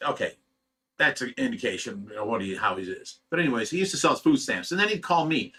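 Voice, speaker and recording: A man's voice: mid-range voice, expressive, fast talker, sharp tone, husky. A middle-aged man from Ohio who runs a fish rescue, venting at home in a casual, agitated monologue, stumbling over repeated words. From Ohio, USA.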